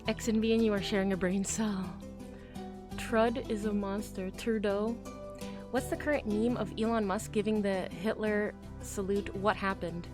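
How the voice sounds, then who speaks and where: A woman streamer chatting casually with her chat while crafting, rambling with fillers and trailing off into quiet mutters as she works. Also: mid-range voice, steady tone, normal speed, music in the background. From United States.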